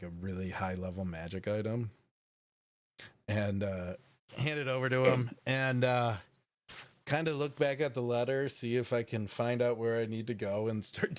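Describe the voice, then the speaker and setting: A man playing a tabletop game on a live stream, playful and quick to laugh, who also hosts the show. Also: mid-range voice. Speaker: player and show host.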